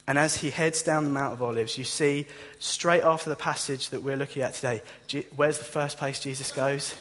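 Male preacher, higher-pitched, husky, animated delivery, long hall reverb. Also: moderate pace. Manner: animated, acts out startled listeners in a higher voice. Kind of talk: sermon.

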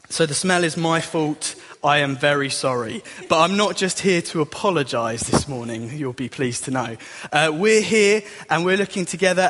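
Young male youth leader preaching casually, high voice, reverberant hall. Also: a bit bright. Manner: chatty and self-deprecating. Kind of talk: sermon. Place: church hall.

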